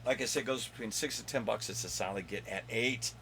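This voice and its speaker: A man hosting his own video countdown of comic finds, rambling and joking with his son off camera, with a slightly hoarse voice. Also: on the low side, quick pace, sharp tone, slight background noise. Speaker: comic collector and channel host.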